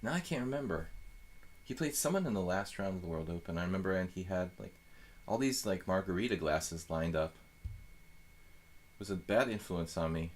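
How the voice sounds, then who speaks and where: Deep-voiced man rambling over chess. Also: lively intonation, brisk. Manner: thinks aloud, rambling with fillers. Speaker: chess streamer. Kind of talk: live chess commentary.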